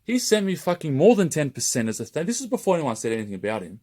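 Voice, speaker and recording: A man's voice: fairly high pitch, big pitch swings, quick pace, a little mellow. A man running a raffle page, delivering a heated, rambling open-letter rant straight to camera and swearing constantly.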